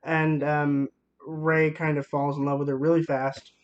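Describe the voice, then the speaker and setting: A man's voice: fairly high pitch, level tone, unhurried, muffled recording. Rambling young man reviewing a movie. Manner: enthusiastic, rambling with fillers.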